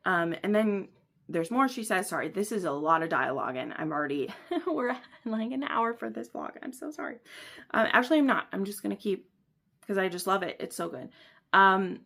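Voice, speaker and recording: A woman's voice: medium pitch, animated, moderate pace, gravelly, fairly bright tone. A woman book vlogger reading passages aloud and reacting with gushing enthusiasm between them.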